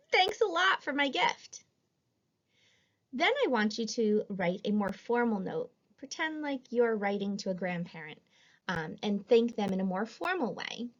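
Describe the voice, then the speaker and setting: A woman teacher giving a recorded language lesson to children, speaking slowly and clearly in an encouraging way. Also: on the high side. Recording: slightly dull lo-fi audio.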